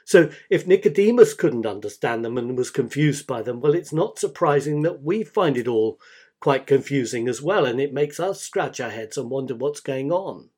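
A man preaching a sermon as pastor, speaking deliberately and repeating key phrases for emphasis. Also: mid-range voice, expressive, a little mellow, slightly rough.

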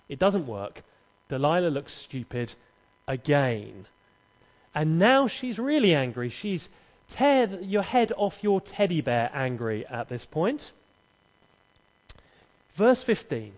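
Preacher, dramatic storyteller, slow and lively, dull reverberant hall. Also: male voice, fairly high pitch. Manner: dramatic storyteller, humorous asides. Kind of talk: sermon with acted dialogue. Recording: echoey, dull hall recording.

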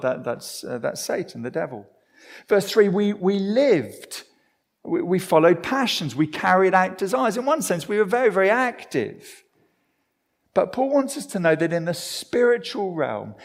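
A man preaching a sermon in a conversational way, often restarting his phrases, at a church service. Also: fairly high pitch.

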